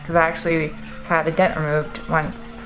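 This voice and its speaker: A woman's voice: deep voice, flat delivery, moderate pace, poor audio. A young woman talking casually to camera while working on her car in her garage, chatty and self-mocking. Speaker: car vlogger. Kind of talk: casual vlog talk to camera. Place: home garage and driveway.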